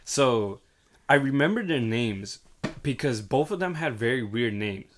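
A young man chatting casually and spinning a story with plenty of energy. He drops into quick voices for the people in it and swears freely, with a middle pitch. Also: slight background noise. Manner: animated, acts out quoted voices, swears freely. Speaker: hotel front desk worker.

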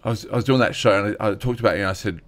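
A man's voice: on the low side, rapid-fire. A young man, a stand-up comedian talking candidly and earnestly, acting out the voices of people in his stories. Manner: earnest, animated retelling with acted-out quotes. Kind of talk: candid conversational storytelling.

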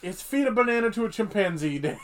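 A man with a fairly high voice that swings up and down a lot, co-hosting a podcast. He trades crude jokes and curses casually in loose, easygoing chat. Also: animated, fast, a little hiss or hum. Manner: joking, profane banter. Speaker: podcast co-host.

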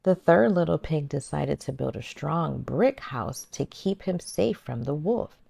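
A woman hosting a children's circle time, gently and expressively reading a storybook aloud to toddlers. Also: deep voice, lively intonation, unhurried, creaky, breathy edge, dry recording.

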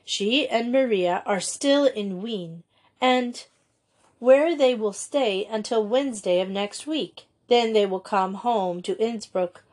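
A woman's voice: mid-range voice, slow pace, a little mellow. A woman voicing a courteous, formal middle-aged Austrian father in a storybook reading. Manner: polite, formal.

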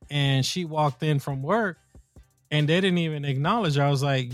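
A man hosting a podcast, telling a long story in a rambling, casual way and getting animated when indignant. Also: a little high, a little slow, no echo, soft background music. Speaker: podcast host. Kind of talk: casual conversation.

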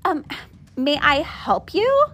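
Prim, bold storybook librarian, firm and proper, bright high voice, as a woman reading aloud puts her on. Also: sing-song, slow, exaggerated voice.

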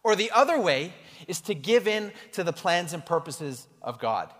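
A male pastor preaching an animated, conversational sermon to his congregation in a church hall. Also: high voice, normal speed. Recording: echoey hall reverb.

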